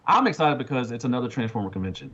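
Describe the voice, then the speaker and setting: Man, podcast co-host, casual chat, animated pitch, dull lo-fi recording. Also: racing. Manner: enthusiastic, laughs often, chatty. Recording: dull lo-fi audio.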